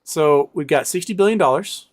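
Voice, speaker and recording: An American man hosts a casual livestream, somewhat higher in pitch than most men. He rants with a sarcastic edge and reads viewers' questions aloud before answering them off the cuff. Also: moderate pace. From United States. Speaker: livestream host.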